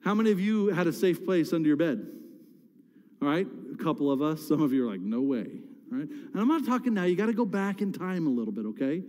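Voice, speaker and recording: A man's voice: fairly high pitch, sing-song, fast, darkish tone. Guy preaching a sermon, conversational, gets fired up, long church reverb. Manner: conversational, rising to impassioned cries when voicing David. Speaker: pastor. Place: church sanctuary.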